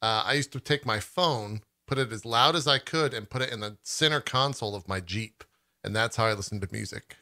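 A man hosting a casual gaming talk show, chatting loosely with a co-host and joking between topics. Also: on the low side. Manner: relaxed, joking, talks in quick bursts. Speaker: podcast host. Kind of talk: casual chat.

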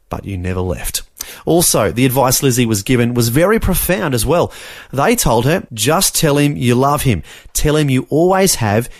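A man's voice: medium pitch, dry recording, studio quality. A man presenting a radio show, reading a scripted wrap-up with reflective summaries. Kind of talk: scripted closing narration.

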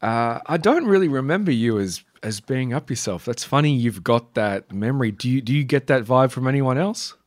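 A man's voice: mid-range voice, animated, normal speed, hardly any pauses, no room sound, studio quality. A man hosting a podcast, chuckling easily and asking friendly follow-up questions. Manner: chuckling, easygoing, asks follow-ups. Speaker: podcast host. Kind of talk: casual chat.

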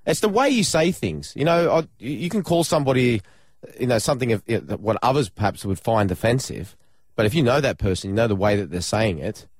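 An Australian man co-hosting a radio show, quick and indignant in his opinions. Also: mid-range voice, no echo, clean studio sound. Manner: fast, animated and indignant. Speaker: radio co-host. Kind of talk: radio banter.

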